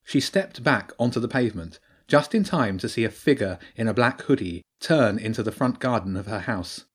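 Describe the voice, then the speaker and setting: A man narrating an audiobook in a calm, even storytelling manner. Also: on the low side, normal speed, breathy edge.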